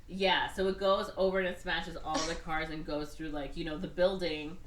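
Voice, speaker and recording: A woman's voice: fairly low pitch, steady tone, normal speed, distant mic, noisy background. Woman recapping a movie in an echoey room. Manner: rambling movie recap with voiced quotes. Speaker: podcast co-host. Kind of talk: casual chat.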